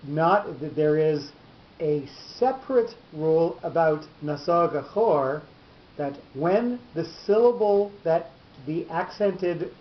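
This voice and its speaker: A man's voice: a little high, expressive, slow pace. A man teaching a class on Torah cantillation, explaining patiently step by step and restarting his sentences often. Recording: echoey lo-fi room recording.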